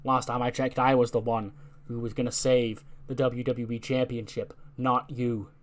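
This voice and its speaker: A proud, defensive male wrestler, put on by a man narrating a game. He fires back indignant retorts at a middle pitch. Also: flat delivery, moderate pace, natural voice.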